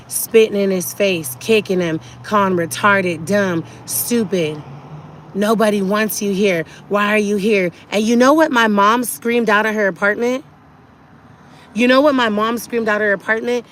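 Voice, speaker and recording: A woman's voice: mid-range voice, fairly bright tone, a little hiss or hum. A woman talking urgently and indignantly to her viewers on a live stream from a car, often repeating herself. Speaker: livestreamer.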